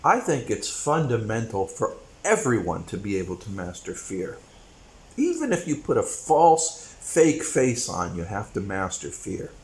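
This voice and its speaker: A man's voice: lowish voice, wildly swooping pitch, a little slow, darkish tone, poor audio. A man hosting a commentary channel, delivering a rambling, opinionated monologue with sudden bursts of emphasis.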